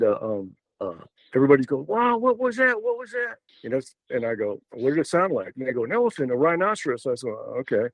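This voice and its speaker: A man's voice: medium pitch, no echo, low-quality recording. Rambling older man telling a story. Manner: rambling, many fillers and restarts. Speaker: podcast guest. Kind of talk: casual storytelling.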